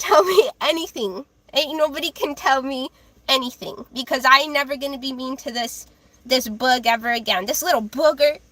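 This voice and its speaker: A young woman with a high, childlike voice, chatting casually with viewers on a livestream while reading tarot. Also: sharp tone, dry recording. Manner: chatty, giggly, reads chat aloud.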